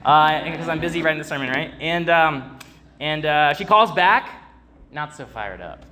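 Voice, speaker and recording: A young man preaches a church sermon built around a personal story, rambling with many fillers and restarts and calling out to the congregation. His voice is fairly high and animated, at a moderate pace.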